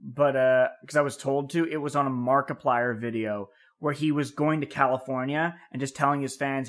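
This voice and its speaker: A man's voice: medium pitch, steady tone, normal speed, a bit bright. A young man co-hosting a podcast, in laid-back casual chat with casual swearing. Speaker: podcast co-host.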